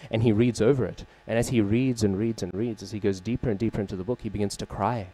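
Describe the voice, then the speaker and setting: Male temple class speaker, fairly low voice with a warm, soft tone; casual storytelling lecture that keeps checking in with listeners. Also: steady tone, quick pace. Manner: conversational, frequent "right?" check-ins and fillers; openly searches for names and terms. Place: temple hall.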